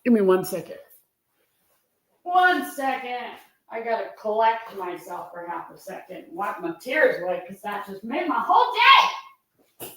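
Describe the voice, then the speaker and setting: A middle-aged woman, a live-stream host and reseller, speaks straight to her viewers in a casual, chatty way. Her medium-pitched voice is very animated and moves at a measured pace.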